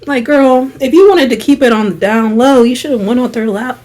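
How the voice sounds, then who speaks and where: A woman's voice: a little high, animated, normal speed, a little mellow, a little hiss or hum. Chatty young woman telling a story. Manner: chatty, full of "like", dramatic retelling. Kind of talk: casual storytime chat.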